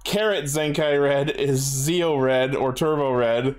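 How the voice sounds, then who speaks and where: A man's voice: medium pitch, slow. A young man in casual fan chat as podcast co-host, enthusiastic, laughing often and retelling scenes. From Canada.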